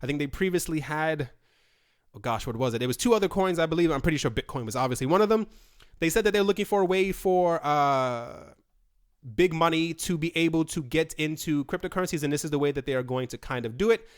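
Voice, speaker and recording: Guy rambling thru crypto news on his channel, smooth clear voice, lots of uhs and restarts. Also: a little high, brisk. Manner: chatty, rambling, many fillers and restarts. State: running out of breath. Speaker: crypto news video host. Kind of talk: casual solo commentary.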